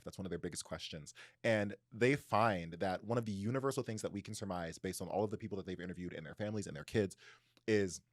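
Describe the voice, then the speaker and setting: A man hosting a book podcast, retelling a story in animated, casual chat with constant "like" fillers. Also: sits low, no room sound, clean studio sound. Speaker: podcast host.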